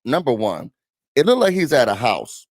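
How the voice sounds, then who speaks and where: Animated man with a lively pitch. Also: moderate pace, no room sound. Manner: animated, talks straight to viewers, acts out quotes. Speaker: show host. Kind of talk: casual hot-topics commentary.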